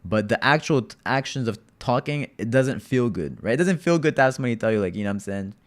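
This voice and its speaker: A man's voice: medium pitch, expressive, fast. A man streaming live and chatting casually with his viewers, talking in a laid-back, rambling way and often addressing the chat directly.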